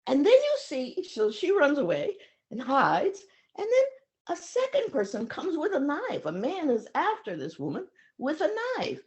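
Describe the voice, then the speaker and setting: A woman in her seventies recounting memories of her teacher in an emotional, pausing storytelling manner. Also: high voice, wildly swooping pitch, darkish tone. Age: 70s. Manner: emotional, pausing, acts out voices in her stories. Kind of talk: reflective storytelling talk.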